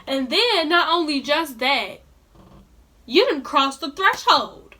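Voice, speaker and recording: Speaking slowly yet very animatedly, a young adult vlogger tells a storytime tale in colloquial language, ranting with indignation directly to viewers. Her high voice comes across pushed and bright.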